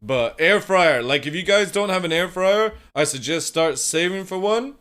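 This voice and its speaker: A man's voice: high voice, expressive, moderate pace, a bit bright, smooth. A young man chatting casually with his stream viewers, rambling and swearing freely as he reads chat aloud. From United Kingdom. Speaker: live streamer.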